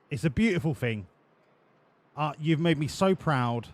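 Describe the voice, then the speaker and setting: A man streaming a racing game live, bantering with his chat in a profane, excitable way. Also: a little high, a little slow, pauses often, slight background noise.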